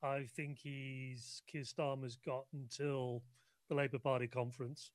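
A man's voice: medium pitch, level tone, unhurried, dry recording. A man, a guest on a radio talk show, wry and sarcastic. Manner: wry, sarcastic, laughs easily.

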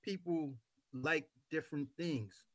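Male talk host from Bermuda; measured, emphatic delivery; dry, close mic. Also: on the high side, steady tone, fairly bright tone, no room sound. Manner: deliberate, emphatic, stretches words for stress. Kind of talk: casual talk show conversation.

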